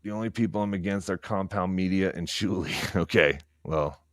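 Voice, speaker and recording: A man with a low voice, heard at a moderate pace in clean studio sound with no echo, livestreams from home at night. He keeps his voice down to avoid waking others while telling rambling stories full of profanity in a casual monologue.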